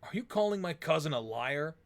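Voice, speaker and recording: A man voicing a gruff, rude man who is curt and dismissive. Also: fairly high pitch, expressive, brisk. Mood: hostile.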